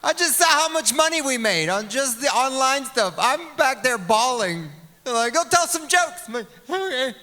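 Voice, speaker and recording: A man's voice: very high voice, moderate pace. A man in his thirties emceeing a gala, telling comic stories with acted-out quotes on a handheld mic in a large event hall. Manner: lively storytelling with acted-out quotes. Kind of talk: stand-up comedy between program segments. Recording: long hall reverb.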